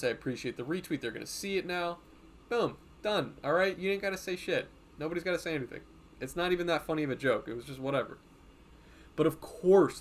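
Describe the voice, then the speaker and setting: A man streaming live and chatting casually as a comic artist, rambling, swearing often and breaking into laughs. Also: medium pitch.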